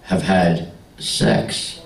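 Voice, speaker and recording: A man's voice: sits low, fairly even intonation, extremely slow, roomy sound, distant mic, noisy background. A man doing stand-up comedy on a club stage, teasing the audience with brash, bawdy crowd work.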